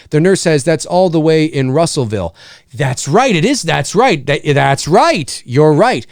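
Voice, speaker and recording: Guy hosting a live q&a, chatty and rambly, voice jumps all over, slightly high, dry mic. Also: no echo. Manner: animated, rambling, repeats himself. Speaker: livestream host answering viewer questions. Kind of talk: casual livestream chat.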